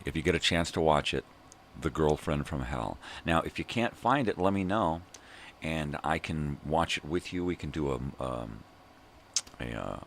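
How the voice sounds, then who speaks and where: An older man from Southern California, hosting a rambling morning video monologue in a profane, ranting way with drawn-out fillers. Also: rumbling low, a bit bright, slight background noise. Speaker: vlog host.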